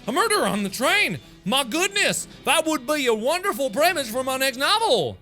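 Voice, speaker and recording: A man's voice: extremely high pitch, very animated, moderate pace, soft background music, pitched above the performer's own voice, exaggerated voice. A man voicing a friendly, sing-song middle-aged woman novelist. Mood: chirpy. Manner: bright, sing-song, motherly.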